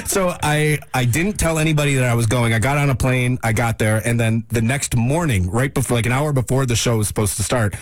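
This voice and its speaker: A man's voice: medium pitch, brisk, hardly any pauses. A man co-hosting a radio show, chatting casually and cracking dry, wry jokes. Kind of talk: casual banter.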